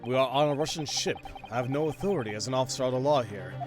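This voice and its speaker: A man voicing a formal police detective in a game, in a measured, formal manner. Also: medium pitch, music in the background, lightly acted. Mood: calm.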